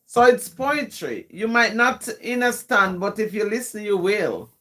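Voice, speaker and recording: Jamaican lady poet on a live stream, talks real slow, keeps asking "yes?" to check folks follow. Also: medium pitch, animated, fairly bright tone. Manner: explains patiently, often checks in with "yes?". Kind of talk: live stream, reading poetry and chatting with viewers.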